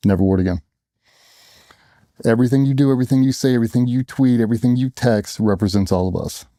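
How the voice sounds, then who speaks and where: A man's voice: medium pitch, fast, mellow, no echo, clean studio sound. A middle-aged man, a former special operations sailor, telling blunt and profane stories in a casual interview. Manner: blunt, profane storytelling with acted-out quotes.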